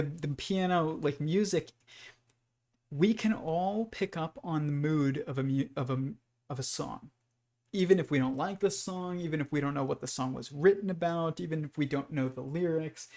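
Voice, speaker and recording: Gravelly man musing in a rambling monologue. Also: a little high, a little mellow. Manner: rambling, many restarts and fillers, speculative. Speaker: host. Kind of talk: casual livestream monologue.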